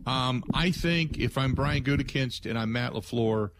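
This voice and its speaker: A man's voice: mid-range voice, unhurried, vocal fry, a little hiss or hum. A man hosting sports talk radio, delivering a blunt, emphatic opinion monologue with frequent restarts.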